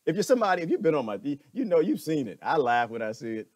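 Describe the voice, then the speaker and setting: A man giving an animated opinion monologue, preachy and wry, slipping into mocking voices now and then. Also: fairly high pitch, fast talker, no echo. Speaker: commentator.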